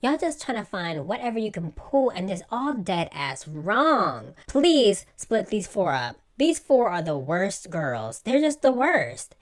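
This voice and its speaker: A woman's voice: mid-range voice, sing-song, measured pace, few pauses. A woman giving a casual, exasperated recap rant about a reality show, acting out the people she quotes in mock voices. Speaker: reality TV commentator.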